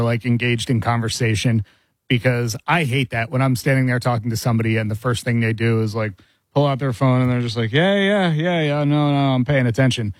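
A man's voice: medium pitch, dry recording. A man co-hosts a radio talk show and tells his stories in an easygoing, wry way. His voice sits in the middle range. The studio sound is close and dry. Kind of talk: casual studio chat.

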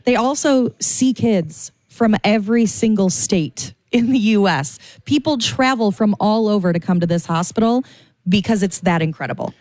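A woman's voice: medium pitch, animated, normal speed, a little mellow, dry recording. Chatty female radio co-host, dry. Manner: chatty, playful, self-deprecating. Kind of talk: morning radio fundraiser chat.

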